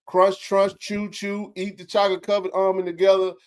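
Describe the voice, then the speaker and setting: A man hosting a casual sports talk show, joking and bantering in slangy, animated talk. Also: high-pitched, normal speed, clean tone.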